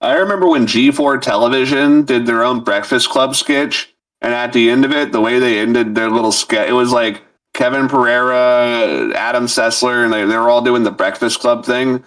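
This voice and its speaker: A man's voice: medium pitch, steady tone, normal speed, a bit bright, dry recording, recorded from a distance. A man co-hosting a podcast, chatting casually and rambling through his points with lots of fillers. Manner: rambling, full of fillers and goofy voices. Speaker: podcast co-host. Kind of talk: casual chat.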